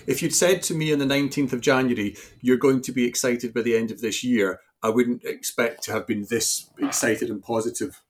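A man's voice: medium pitch, fairly even intonation, a little fast, hardly any pauses. A Scottish man in his forties, a podcast guest, talking casually and earnestly. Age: 40s.

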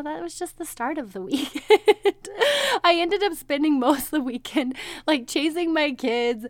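A woman's voice: medium pitch, no echo. Woman in her thirties, podcast host, candid and chatty, laughs often, dry close sound. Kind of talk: personal chat to listeners.

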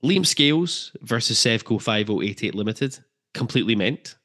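A man's voice: medium pitch, lively intonation, moderate pace, fairly bright tone. A man co-hosting a football podcast, chatting casually and jokily with filler ums. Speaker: podcast co-host.

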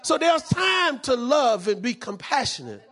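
A man's voice: extremely high pitch, big pitch swings, measured pace, bright, forceful tone. A man preaching a sermon as pastor, fervent and repetitive, dropping in frequent amens.

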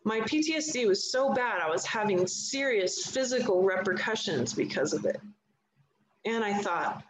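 A woman's voice: mid-range voice, animated, normal speed. Earnest woman in an echoey room. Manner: earnest, emphatic storytelling. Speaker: guest speaker. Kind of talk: live conversational talk. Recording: echoey room, faint background noise.

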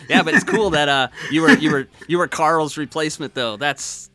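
Brief: easygoing male podcast host, bright crisp voice, dry close mic, faint music underneath. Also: fairly high pitch, moderate pace, no room sound. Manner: laid-back, laughs along, short agreeing replies. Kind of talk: casual interview chat.

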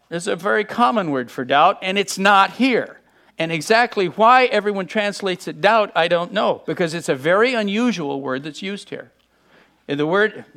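High-voiced man preaching a lively sermon. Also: creaky. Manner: conversational and animated, acting out quotes.

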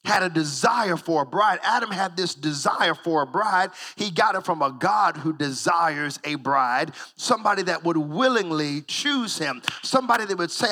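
A middle-aged male pastor delivering a sermon in a bright, high, ringing voice. He moves between relaxed storytelling and rising, fervent preaching that swells into shouted praise. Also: unhurried, big-room sound.

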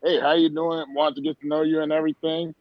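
A man's voice: fairly high pitch, level tone, fast, dry recording. A man who once played pro baseball, telling stories in a casual sports talk show. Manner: storytelling, emphatic. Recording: dull lo-fi dry sound.

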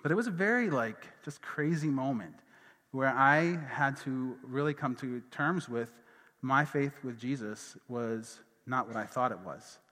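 A pastor delivers a sermon built on personal stories, told loosely and conversationally with plenty of fillers and asides. His medium-pitched voice is bright and forceful, lively in intonation, at a measured pace. Long hall reverb colors the recording.

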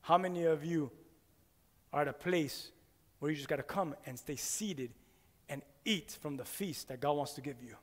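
A man preaching a sermon in an animated way, firing rhetorical questions at his listeners. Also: on the high side, normal speed. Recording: long hall reverb.

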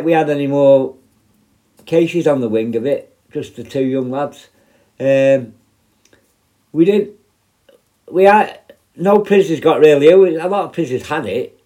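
A man recalls his years as a prison officer in loose, rambling talk, swearing freely as he goes. His voice sits at an ordinary middle pitch with a dark, mellow tone. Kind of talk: casual spoken storytelling.

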